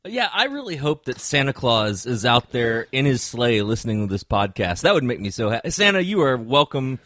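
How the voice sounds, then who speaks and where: Male co-host, animated and joking, bright tone. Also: mid-range voice, moderate pace, no echo. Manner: animated and joking, laughs often. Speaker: podcast co-host. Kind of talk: casual chat.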